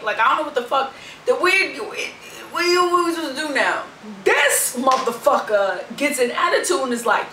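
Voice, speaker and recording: A woman's voice: a little high, lively intonation, moderate pace, sharp tone, echoey room, far from the mic, slight background noise, poor audio. A young woman vlogger telling a story in a brash, sassy, profane rant.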